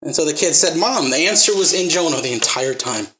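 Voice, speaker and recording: A man's voice: a little high, animated, brisk, sharp tone, echoey room, a little hiss or hum, low-quality recording. A man preaching a sermon, telling stories and acting out the quotes, then pressing the listeners with emphatic rising questions.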